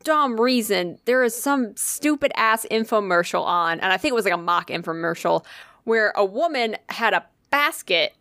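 A woman's voice: mid-range voice, expressive, moderate pace, fairly bright tone, no echo. A woman co-hosting a podcast, telling a story in casual chat, rambling with lots of "like" and casual swearing. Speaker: podcast co-host.

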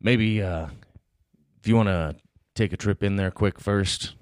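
A man with a very low voice plays a tabletop game, talking casually and hesitantly between dice rolls. The sound is dry and close. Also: measured pace, clear, resonant tone, dry recording. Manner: easygoing, hesitant. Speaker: player.

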